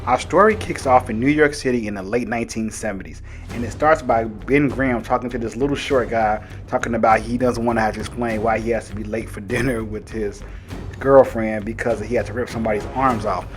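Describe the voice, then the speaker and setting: A man's voice: mid-range voice, a little fast, faint music behind. A man hosting a casual comic book review, chatting through the story with lots of filler words.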